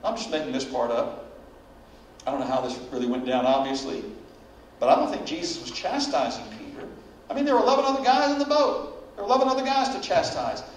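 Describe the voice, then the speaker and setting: A high-voiced male pastor preaches a dramatic sermon, leaning into the prayers and dialogue he quotes. His voice rings through a very reverberant church hall, caught from a distance with faint noise behind it. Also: very animated, quick pace. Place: church sanctuary. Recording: very echoey church hall, voice from far off.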